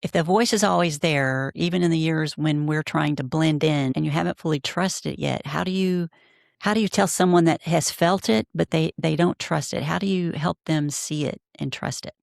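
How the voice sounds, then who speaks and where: A woman's voice: low-pitched, normal speed, creaky, darkish tone, dry recording, clean studio sound. A woman hosting a podcast, asking thoughtful, searching questions of her guest. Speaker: podcast host. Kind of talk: podcast interview.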